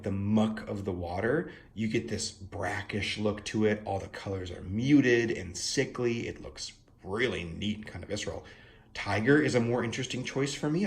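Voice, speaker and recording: A man's voice: fairly low pitch, vocal fry. Musing young man reviewing a deck. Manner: musing, playful asides, frequent fillers. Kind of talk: casual spoken art review.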